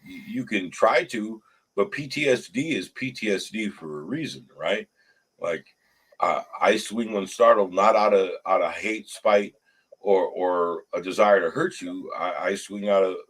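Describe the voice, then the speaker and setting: A man with a low, husky voice holds forth in casual recovery talk. He is earnest and repeats himself as he works out his point, and his voice jumps up when he gets worked up. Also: low-quality recording. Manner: earnest, stumbling restarts, rises sharply when animated. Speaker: show host. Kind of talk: casual recovery group chat.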